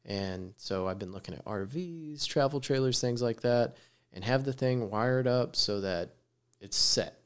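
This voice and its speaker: A man's voice: medium pitch, unhurried, smooth. A man from West Texas with a Texan accent, hosting a podcast and chatting casually with a guest, telling stories and laughing easily. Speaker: podcast host. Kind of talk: casual chat. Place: studio with guest six feet away.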